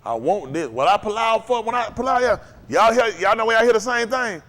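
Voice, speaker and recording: A man preaching to a congregation, calling out to them and rising to shouts. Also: high voice, animated, brisk. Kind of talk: sermon.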